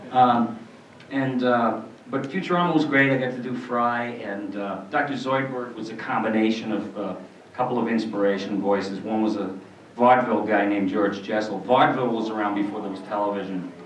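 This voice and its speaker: A man in his sixties telling rambling, animated stories as a guest at a convention panel. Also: lowish voice, fairly quick, a little hiss or hum. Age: 60s. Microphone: filmed from the audience. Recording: distant, roomy, muffled hall recording.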